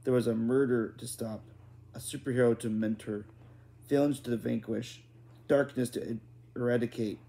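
A man's voice: mid-range voice, steady tone, moderate pace, gravelly, dark tone. A man reading a children's book aloud in an unpolished style, often restarting and correcting words. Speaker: reader.

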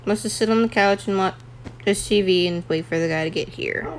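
A woman's voice: medium pitch, a little fast, a little hiss or hum, natural voice. Woman playing a whiny impatient teen daughter. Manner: whiny, pleading and protesting. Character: impatient teen daughter moving into her own place. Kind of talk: family roleplay.

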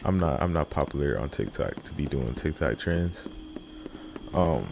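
A man's voice: very deep voice, expressive, a little slow, vocal fry, darkish tone, slight background noise. A man doing casual, joking let's-play commentary, rambling and tossing in playful noises as he plays. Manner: joking, rambling, playful mutters and sound effects. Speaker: gaming YouTuber.

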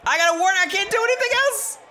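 A man commentating his own wrestling video game playthrough, joking, shouting at the screen and laughing. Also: very high-pitched, very fast, a faint crowd, slight background noise. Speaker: gameplay commentator. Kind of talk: excited gameplay commentary.

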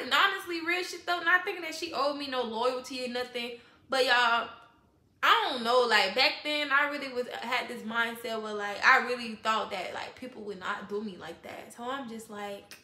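High, bright young woman in an echoey room. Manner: animated, blunt and profane, acting out quotes. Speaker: vlogger. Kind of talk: storytime vlog.

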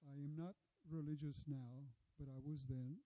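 A man, a guest speaker telling his story in a measured, reflective way and often restarting his sentences. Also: a little high, fairly even intonation, mellow. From Hungary. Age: 80s. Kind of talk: lecture and Q&A. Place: school lecture room. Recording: dull lo-fi recording.

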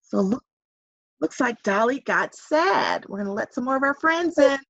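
A woman reading a picture book aloud to young children over a video call, pausing to ask them questions. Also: sits high, dry recording, muffled recording. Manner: animated, coaxing questions to young listeners. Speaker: reader at a virtual story time for children. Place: home setup on a video call.

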